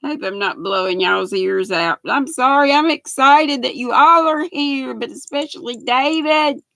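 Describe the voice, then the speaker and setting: A woman's voice: high voice, unhurried, creaky, pushed and bright, dry recording, rough recording. An older woman with a Southern American accent, hosting a casual livestream and chatting folksily with her viewers, greeting each one by name. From Southern United States. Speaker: livestream host.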